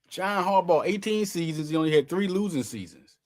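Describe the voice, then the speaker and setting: A man's voice: high-pitched, normal speed, darkish tone. A man hosting his own sports show, giving casual, slangy, emphatic commentary straight to his viewers.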